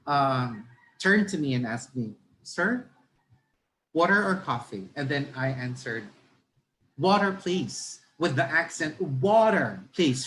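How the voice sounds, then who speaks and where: A middle-aged Filipino man leads a training session for teachers and drifts into a personal anecdote. His voice sits a little high, and he talks in a loose, conversational way, correcting himself often and slipping between English and Tagalog. A faint hum runs under the recording. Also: a bit bright, low-quality recording. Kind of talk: storytelling in a live training session.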